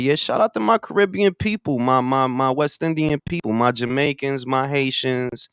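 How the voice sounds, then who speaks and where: A man co-hosting a casual boxing talk show, ranting in animated, profane bursts. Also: medium pitch, moderate pace, few pauses, clean tone, no echo, studio quality. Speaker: podcast co-host.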